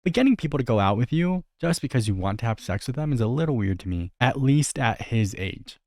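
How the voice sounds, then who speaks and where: A man's voice: mid-range voice, lively intonation, a little fast, a little mellow, no echo, clean studio sound. A young man giving casual reaction commentary, critical and incredulous as he talks through a video.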